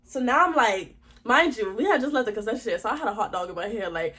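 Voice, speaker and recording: A young woman telling a storytime vlog in a chatty, slangy, expressive way. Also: a little high, fast talker, husky. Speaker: vlogger.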